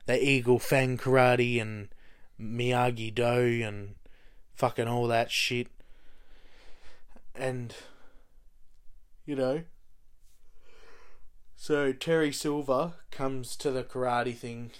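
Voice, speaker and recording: Man, slow drawl, sweary, rambling, mid-pitched, loose casual recap. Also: fairly even intonation, clean tone. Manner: profane, rambling, heavy on fillers. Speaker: TV show fan recapping episodes.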